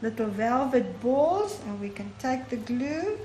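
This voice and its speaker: Slow woman telling children a story. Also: fairly high pitch, big pitch swings, reverberant, a little hiss or hum. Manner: slow, warm-toned teaching to children. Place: church hall.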